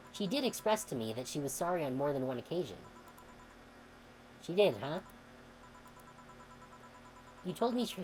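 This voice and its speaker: A woman streamer reading a game's dialogue aloud, expressive and sometimes heated. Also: low-pitched, slight background noise, low-quality recording. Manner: expressive, swings into heated outbursts when reading.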